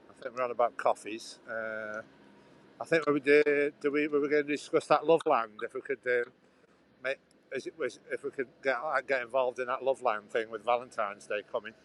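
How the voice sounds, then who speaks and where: A man's voice: mid-range voice, fairly bright tone. A man, rambling in casual chat as he walks outdoors and livestreams from his phone beside a road. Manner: rambling, chatty, restarts sentences often. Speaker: livestream host. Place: outdoors walking by a busy road. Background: traffic and sawing noise.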